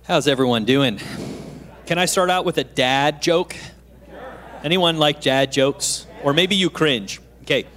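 A man's voice: on the high side, measured pace, fairly bright tone. A man in his thirties preaching as a guest pastor, telling a personal story with jokes and questions to the congregation. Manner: chatty, self-deprecating, asks the audience questions. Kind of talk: sermon storytelling with humor. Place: church stage.

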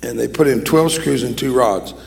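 A man preaching as a guest speaker in a church, joking and emotional, poking fun at himself between warm words to the congregation. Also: medium pitch, moderate pace, gravelly. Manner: joking, emotional, self-deprecating. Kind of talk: sermon. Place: church sanctuary.

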